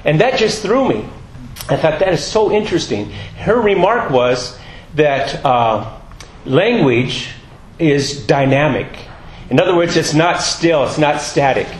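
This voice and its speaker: A man's voice: fairly high pitch, lively intonation, slow, echoey room, slight background noise, low-quality recording. A man giving a sermon, talking in a chatty, rambling way with lots of fillers. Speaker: guest preacher. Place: church.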